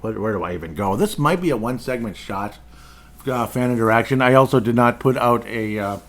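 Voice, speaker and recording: A man's voice: mid-range voice, lively intonation, a little fast. A man hosting a hockey podcast on his own, rambling through casual commentary with chuckles and asides.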